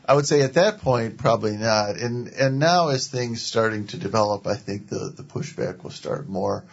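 A man's voice: lowish voice, animated, normal speed, vocal fry, muffled recording. A man talking earnestly about faith as a guest, often tagging his points with "right?". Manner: earnest, repeats words, says "right?" often. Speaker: film producer guest. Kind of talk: casual faith talk.

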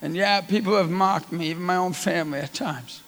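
A middle-aged man preaching a sermon with personal stories, impassioned and often rising to near-shouts. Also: high-pitched, brisk, vocal fry, big-room sound.

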